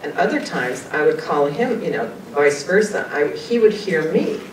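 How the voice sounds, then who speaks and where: A female guest speaker shares personal experiences in a storytelling talk, earnest and conversational, laughing often and quoting people. She gets emotional and chokes up at times, her intonation lively and her pace normal. Recorded at a distance in an echoey meeting room, her voice sits over a low rumble.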